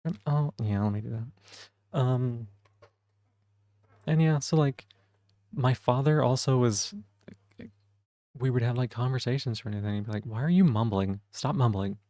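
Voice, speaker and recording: A man streaming live in casual chat, soft-spoken and rambling as he reads the chat aloud. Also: medium pitch, unhurried, pauses often, no room sound.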